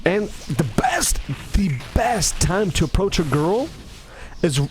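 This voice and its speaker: A man's voice: high-pitched, animated, takes it slowly, background noise. A man in a rambling casual monologue, stumbling and correcting himself as he goes and acting out greetings in different tones. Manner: restless, self-correcting, stumbling over words; acts out greetings in shifting tones.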